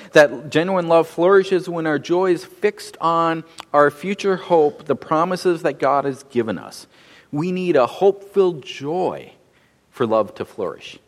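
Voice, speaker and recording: Man preaching in a reverberant hall. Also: a little high. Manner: measured, frequent word repetitions. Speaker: pastor. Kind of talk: sermon.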